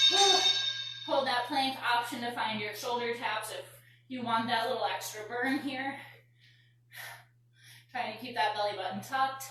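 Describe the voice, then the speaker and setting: A fitness and yoga instructor leads a live workout class, calling out counts and exhaling audibly while out of breath. Her fairly high voice is bright and forceful, with a measured pace and long pauses. The distant mic captures a very echoey room and faint noise.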